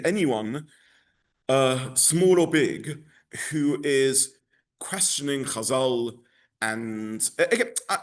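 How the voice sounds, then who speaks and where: A rabbi teaching a class, explaining his points at length and thinking aloud as he goes. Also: medium pitch. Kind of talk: lecture to a class.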